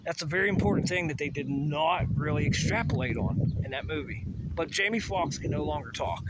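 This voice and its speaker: A man's voice: on the high side, fairly quick, very noisy. A man ranting in a rambling solo monologue, profane and agitated, full of asides and restarts. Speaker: vlogger.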